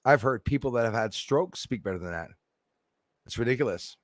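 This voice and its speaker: A man's voice: mid-range voice, expressive, fairly quick, no echo, studio quality. A man chatting casually on his livestream, laughing often and reading out viewer names. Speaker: livestream host.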